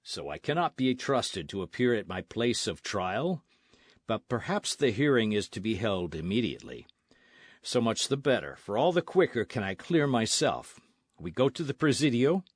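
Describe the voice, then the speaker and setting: A proud elderly nobleman blusters and protests, as a man acts him out in an audiobook. The voice climbs high when he is insulted and stays dry and close to the mic. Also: very animated, normal speed, husky, no echo. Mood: indignant. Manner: indignant, proud, rising to shouts. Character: pompous, outraged elderly Spanish-Californian nobleman.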